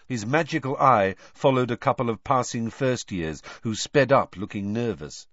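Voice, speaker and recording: A man reading a story aloud as an audiobook narrator, expressive in his storytelling. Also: medium pitch, moderate pace, dry recording, highs cut off. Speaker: audiobook reader. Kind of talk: scripted narration.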